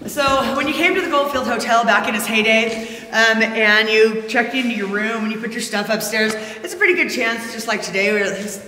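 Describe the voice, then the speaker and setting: A woman's voice: fairly high pitch, brisk, pushed and bright. Casual storytelling tour guide woman, recorded in a reverberant old building. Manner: chatty storyteller, many fillers, laughs easily. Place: inside an old abandoned hotel. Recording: echoey room, faint noise.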